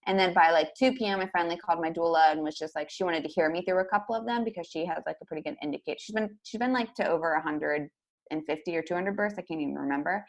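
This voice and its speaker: A young woman speaking as a podcast guest, telling her story casually and leaning on "like" at every turn. Her voice sits on the low side for a woman, and she speaks at a fast clip. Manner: rapid, filler-heavy, peppered with "like".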